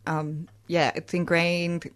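Woman activist guest, lower register, direct. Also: level tone, slow. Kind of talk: casual discussion.

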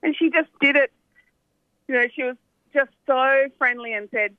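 A woman's voice: high-pitched, moderate pace, pauses often, no room sound. A woman documentary filmmaker, talking animatedly on the phone with lots of "you know" asides. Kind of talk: phone interview, chatty storytelling. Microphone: telephone. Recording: tinny phone line, dry.

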